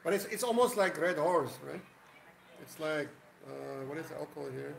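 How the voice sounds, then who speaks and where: A man's voice: a little high, moderate pace, gravelly, roomy sound, low-quality recording. A man hosting a casual live stream, rambling and greeting viewers by name. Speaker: livestream host.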